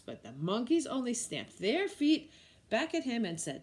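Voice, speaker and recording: A woman, a preschool teacher, reading a picture book aloud to young children with expressive storytelling. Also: medium pitch, moderate pace.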